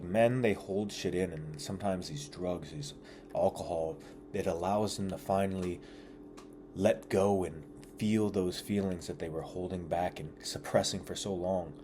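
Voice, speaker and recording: Earnest young man, low mellow voice. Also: a little hiss or hum. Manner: earnest and confessional, casual slang and swearing. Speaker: vlogger. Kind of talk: candid personal reflection.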